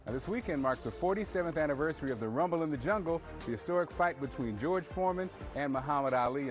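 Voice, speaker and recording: A man hosting a daytime TV show, reading an intro and then asking questions. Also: on the high side. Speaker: TV talk show host. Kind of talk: scripted intro, then interviewing.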